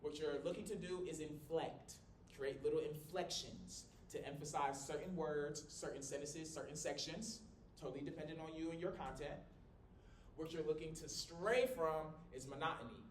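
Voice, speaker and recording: A man teaching a college class in a small room without a microphone. He talks in a lively, joking way and swings his volume and pitch up and down to demonstrate. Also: moderate pace. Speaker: college instructor. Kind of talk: classroom lecture. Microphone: no microphone, recorded from across the room. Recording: echoey room from a distance with low rumble.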